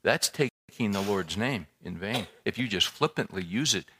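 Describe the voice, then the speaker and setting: A husky, lowish male voice at normal speed belongs to a pastor preaching in church. His delivery is conversational and animated, leaning on rhetorical questions and repetition as he works up to his point.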